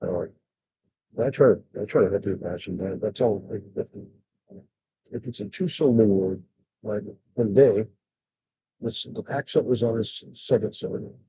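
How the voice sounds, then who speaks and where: A man's voice: lowish voice, moderate pace, mellow, slightly rough, dry recording. An older man rambling casually on a livestream, bluntly complaining, with many fillers and restarts. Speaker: vlogger. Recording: dull lo-fi sound.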